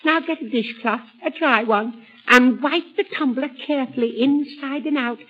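Woman doing a whiny old mother, high voice, tinny thin recording. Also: normal speed, breathy edge. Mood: self-pitying. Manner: whining, self-pitying comic delivery. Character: hypochondriac old mother, fussy and scheming.

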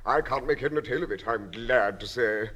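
An actor playing a blustering, bigoted English diner with a pompous, sneering manner in a comedy sketch. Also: male voice, mid-range voice, moderate pace, a bit bright, natural voice.

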